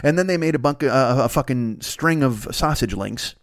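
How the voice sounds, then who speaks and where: A man's voice: medium pitch, expressive, moderate pace. A man hosting a comedy podcast, improvising a rambling, profane story. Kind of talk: improvised comic rant.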